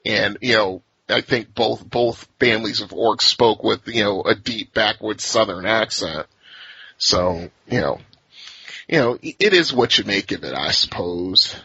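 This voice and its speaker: A man's voice: lowish voice, animated, unhurried, sharp tone, breathy edge, no room sound, dull audio. A man hosting a podcast in casual chat, laughing often and restarting his sentences. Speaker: podcast host.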